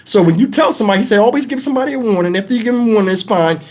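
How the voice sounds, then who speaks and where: A man telling a profane, animated story on his livestream, acting out the voices in it. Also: high-pitched, very fast. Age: adult, twenties long past. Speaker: livestream host.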